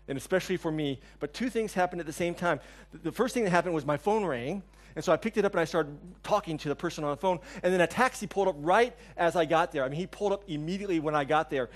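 Joking storytelling preacher, fairly high voice. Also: male voice. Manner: storytelling, humorous asides to the congregation. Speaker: pastor. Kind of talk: sermon.

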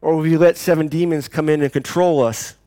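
A pastor delivering a sermon, swinging between loud declarations and quiet, intense passages. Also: male voice, on the high side, fairly even intonation, a little fast, no echo, studio quality.

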